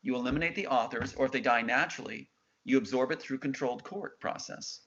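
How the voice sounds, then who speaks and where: Middle-aged male guest, insistent storyteller, forceful bright tone, lo-fi audio. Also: medium pitch, quick pace. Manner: intense, insistent, quotes others' words. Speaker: interview guest. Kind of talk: emotional storytelling. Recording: dull lo-fi sound.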